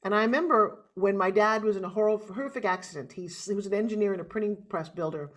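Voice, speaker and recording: A woman's voice: medium pitch, fast. A middle-aged woman with a New York accent, a motivational speaker telling her life story as a podcast guest. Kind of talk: interview storytelling.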